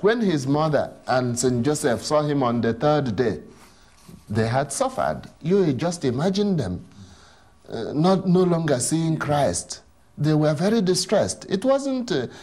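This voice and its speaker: A man explaining Catholic teaching in an emphatic, animated way, often asking rhetorical questions. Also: on the high side.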